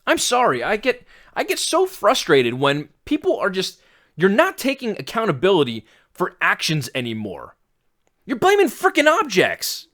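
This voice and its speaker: Exasperated man ranting, high and lively. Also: moderate pace. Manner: exasperated, blunt, swears. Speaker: fitness podcast host. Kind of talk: ranting podcast monologue.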